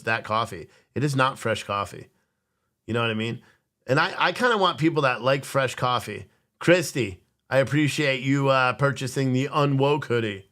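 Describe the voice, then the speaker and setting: A tired man with a sharp, mid-range voice hosts a casual livestream where he sells coffee, reading viewer comments aloud and joking with plenty of swearing in casual live-chat commentary.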